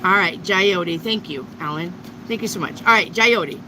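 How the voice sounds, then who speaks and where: A woman's voice: lowish voice, normal speed, background noise. A woman giving a live tarot reading to viewers, blunt and emphatic, with frequent swearing. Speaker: tarot reader.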